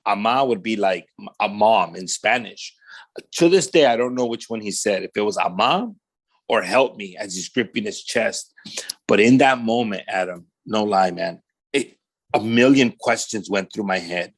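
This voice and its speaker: A man's voice: on the low side, moderate pace, gravelly. A pastor telling his personal testimony in a podcast interview, speaking in casual street slang, often saying "man", and acting out the voices of the people in his story. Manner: animated storyteller who acts out quoted dialogue.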